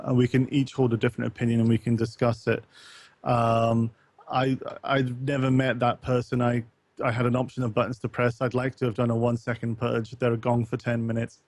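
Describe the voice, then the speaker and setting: A man's voice: medium pitch, creaky, a little mellow, no room sound. A man co-hosting a casual gaming podcast, rambling with lots of ums and reading a forum post aloud with wry asides. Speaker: podcast co-host.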